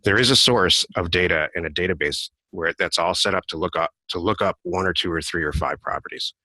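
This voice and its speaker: A very low-voiced man talks fast and rambles, restarting his sentences as he co-hosts a casual podcast. His tone is bright and forward, and the sound is dry and close. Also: dry recording. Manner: rambling, self-correcting. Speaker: podcast co-host.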